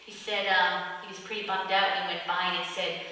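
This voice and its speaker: A woman leading a church service, telling jokes to the congregation in a lively storytelling manner. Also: fairly low pitch, brisk, slight background noise. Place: large church sanctuary. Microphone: distant room mic. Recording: echoey church hall from far off.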